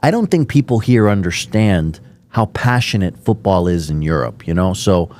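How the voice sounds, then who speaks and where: A man's voice: low-pitched, lively intonation, moderate pace, a little mellow, slight background noise. A man from Miami hosting a podcast interview, telling rambling, enthusiastic stories with many fillers. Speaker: podcast host. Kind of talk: casual interview chat.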